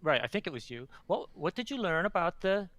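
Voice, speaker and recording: A man with a high, lively voice plays a tabletop game, stammering through his questions. The sound is dry and close. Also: fairly quick, no room sound. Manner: stammering, restarting often. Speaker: player. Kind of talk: casual tabletop play.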